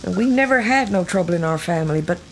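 A worried, proper mother picks her words haltingly in rural dialect, as a woman acts her out. Her voice has a gravelly edge. A faint hiss is in the background. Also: lowish voice, animated, low-quality recording.

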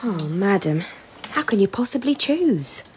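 An actress playing a cheerful, chatty housemaid who is eager and deferential. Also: female voice, mid-range voice, sing-song, a little slow, darkish tone, a little hiss or hum.

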